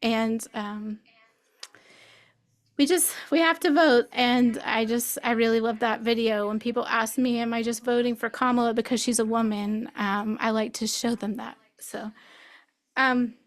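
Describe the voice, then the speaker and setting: A woman from Birmingham, Alabama, reads a poem and then introduces the next reader at a live fundraiser. Her voice sits a little high and stays flat and even. She talks in an earnest, measured way. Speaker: event host and poet. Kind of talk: poetry reading and live event hosting.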